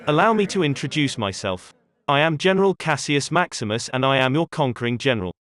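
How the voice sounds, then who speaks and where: A man's voice: mid-range voice, expressive, fairly quick, a bit bright, natural voice. A synthetic male text-to-speech voice playing a formal, boastful Roman conquering general who announces himself. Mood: grandly welcoming.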